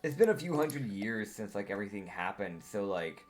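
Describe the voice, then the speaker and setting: A man's voice: lowish voice, big pitch swings, moderate pace. A young man acting as game master, chatting casually, laughing often and swearing freely. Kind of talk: casual tabletop game chat.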